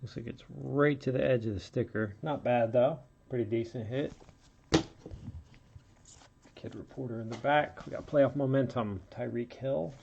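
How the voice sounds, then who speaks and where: A man's voice: mid-range voice, moderate pace, vocal fry, a little mellow, highs cut off, a little hiss or hum. A man hosting a card break, chatting casually as he calls out each card he pulls and sounding a little under the weather. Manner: running play-by-play of pulls, chatty asides. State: feeling unwell. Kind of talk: casual card-opening commentary.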